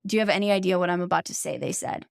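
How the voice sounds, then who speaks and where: Blunt, gravelly-voiced woman podcast host. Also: on the low side, very fast, no echo, clean studio sound. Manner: blunt, opinionated, swears freely. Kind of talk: casual true-crime podcast chat.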